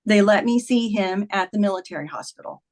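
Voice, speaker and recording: A woman's voice: mid-range voice, animated, brisk, darkish tone. Earnest woman in her fifties telling a story. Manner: earnest, emotional retelling with many "like"s. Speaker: podcast guest, author. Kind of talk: personal storytelling in a conversation.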